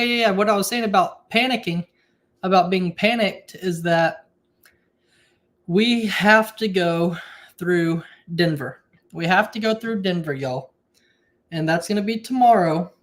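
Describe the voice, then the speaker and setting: A man with a drawl hosts a homestead livestream from his kitchen, picked up close on a phone or camera. He talks in a loose, chatty way and reads viewer comments aloud. At times he drops his voice to keep things quiet. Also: high-pitched. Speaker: livestream host. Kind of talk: casual live-stream chat.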